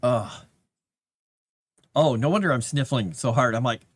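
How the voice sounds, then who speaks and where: A man's voice: medium pitch, measured pace, slightly rough, dry recording, studio quality. A man rambling casually on a livestream, chatting to his cat between thoughts.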